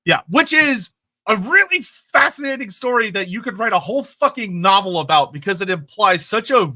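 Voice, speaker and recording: A man's voice: sits high, expressive, moderate pace, pushed and bright. A man co-hosting a podcast, talking lore enthusiastically and bluntly, with casual swearing. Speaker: podcast co-host.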